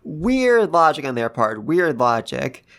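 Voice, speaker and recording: A host giving a casual, gushing review of a manga chapter, talking excitedly and repeating phrases for emphasis. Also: mid-range voice, takes it slowly. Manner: gushing, excitable, gasps and laughs. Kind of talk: casual commentary.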